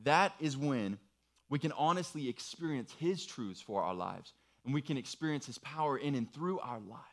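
A man's voice: mid-range voice, lively intonation, moderate pace. A man preaching an earnest youth sermon, guiding listeners through a worksheet with encouraging, step-by-step instructions.

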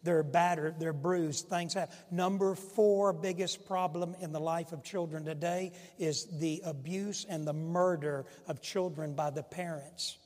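Impassioned high-voiced preacher in a reverberant hall. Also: male voice. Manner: impassioned preaching, swings from loud to hushed. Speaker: pastor. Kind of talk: sermon.

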